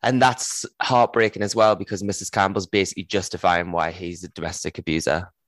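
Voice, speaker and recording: A man's voice: low voice, steady tone, brisk, a bit bright, no echo. A man co-hosting a casual book podcast, talking earnestly with many fillers like "like". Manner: earnest, lots of "like", occasional swearing. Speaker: podcast co-host.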